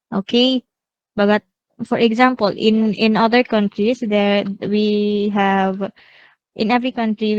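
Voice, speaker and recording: A young woman with a Waray Filipino accent teaches a class over a video call, moving between English and Waray. She keeps her pitch fairly level and often stops to question her students. The sound is dull and dry, from a laptop mic. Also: clean tone, no echo. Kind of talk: online class lecture.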